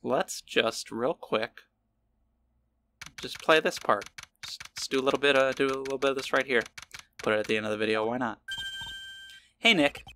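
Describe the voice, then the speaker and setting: A man's voice: mid-range voice, fairly even intonation, brisk, long pauses, sharp tone, a little hiss or hum. A young man in his twenties casually commenting on a game he plays, rambling and self-deprecating as he thinks aloud. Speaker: let's play host. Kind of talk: casual let's play commentary and reading.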